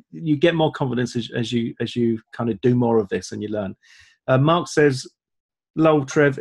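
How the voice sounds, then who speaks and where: A man co-hosting a live online Q&A, reading out viewer comments and laughing easily. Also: mid-range voice. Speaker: webinar co-host. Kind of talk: live Q&A chat.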